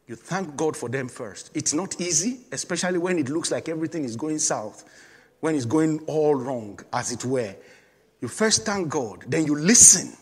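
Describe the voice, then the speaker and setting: Male pastor, emphatic sermon delivery with call-and-response, slightly high voice, long hall reverb. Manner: emphatic preaching with repeated calls and congregation prompts.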